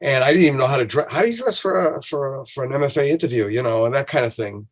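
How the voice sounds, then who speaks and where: A man's voice: mid-range voice, expressive, very fast. A man in casual podcast conversation, telling stories animatedly and acting out the voices of people he quotes, with frequent restarts.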